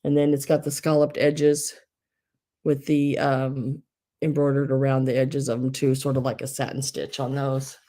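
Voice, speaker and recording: A woman's voice: rumbling low, little pitch movement, moderate pace, dark tone. A woman hosting a live online sale, chatting casually, giggling often and restarting her sentences.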